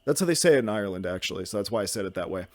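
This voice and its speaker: Goofy rambling young man, lively pitch. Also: rapid-fire, no echo. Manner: goofy, self-mocking, jumps between topics. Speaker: podcast host. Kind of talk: solo podcast rambling.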